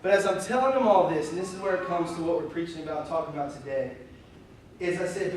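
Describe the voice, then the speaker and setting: A young male pastor preaching a conversational, candid sermon, telling stories in an animated way with plenty of fillers. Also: a little high, fast. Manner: candid, animated, self-deprecating, full of fillers. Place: church sanctuary. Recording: very echoey room, voice from far off, faint hiss.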